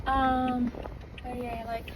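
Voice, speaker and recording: Woman rambling + cursing outside, high voice, loud street noise all around. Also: flat delivery, takes it slowly. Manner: rambling, candid, swears freely. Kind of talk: casual spoken monologue. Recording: distant mic with loud traffic noise.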